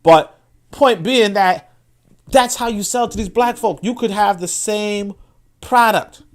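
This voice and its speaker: A man hosting a podcast, giving animated, profane, casual political commentary and often repeating words as he restarts sentences. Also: sits high, slow pace. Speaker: podcast host.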